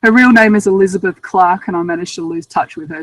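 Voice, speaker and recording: A woman's voice: on the low side, quick pace, no room sound, rough recording. Aussie woman telling stories, casual and amused, dry sound. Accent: Australian. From Australia. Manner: chatty, self-amused, often laughing. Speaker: guest author. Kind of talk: casual interview storytelling.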